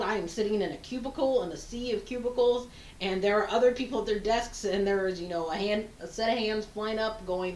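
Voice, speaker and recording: A woman co-hosting a podcast in casual chat, animated and emphatic, swearing casually. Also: mid-range voice, a little fast. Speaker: podcast co-host. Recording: roomy sound with faint background hum.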